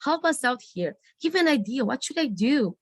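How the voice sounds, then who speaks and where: A woman's voice: high-pitched, very animated, moderate pace, no room sound, pitched above the performer's own voice, heavily acted. A woman voicing a strong, determined young daughter who speaks earnestly. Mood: earnest prayerful.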